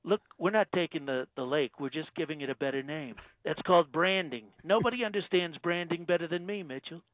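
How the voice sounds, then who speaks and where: A man's voice: fairly high pitch, a little fast, no room sound, close to an everyday voice. A man playing a boastful older US president in a comedy radio bit, bragging in short punchy sentences over a phone line. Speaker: caller. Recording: tinny phone line, dry.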